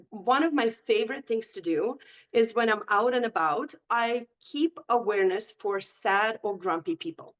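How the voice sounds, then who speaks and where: A middle-aged woman, a guest coach, telling stories in a conversational podcast interview in an upbeat, encouraging way. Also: a little high.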